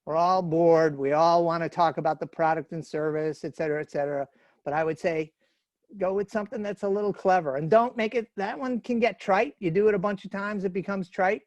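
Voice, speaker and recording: A man's voice: high-pitched, steady tone, fairly quick, a little mellow, no room sound, dull audio. A man from the New York area who talks in a chatty, folksy way, with fillers, while giving a webinar over a video call. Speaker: webinar speaker. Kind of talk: casual webinar talk.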